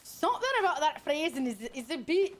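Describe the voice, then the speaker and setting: Crude teasing high-voiced young woman streamer. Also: expressive, a little fast. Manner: crude, teasing, bursts into loud laughs. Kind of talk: casual game streaming commentary.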